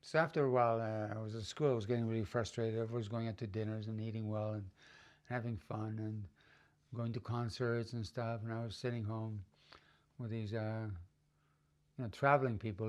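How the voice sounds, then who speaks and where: A middle-aged man casually telling a story from his own life, rambling with fillers and restarts, and sometimes lifting his voice higher and louder to act out the people in it. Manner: acts out quoted voices, often higher and louder.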